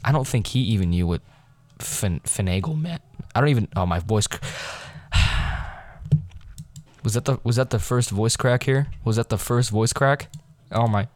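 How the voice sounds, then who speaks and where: A man's voice: medium pitch, dry recording. Rambling teenage boy podcaster. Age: teens. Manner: rambling, self-deprecating, many fillers and restarts. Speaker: podcast host. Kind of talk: casual storytelling monologue.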